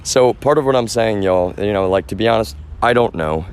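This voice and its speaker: A man's voice: on the low side, fairly quick, smooth. A man livestreaming, ranting in a rambling, agitated and profane way, calling his viewers y'all. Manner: frequent fillers and restarts, bitter laughs. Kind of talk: casual live-stream rant.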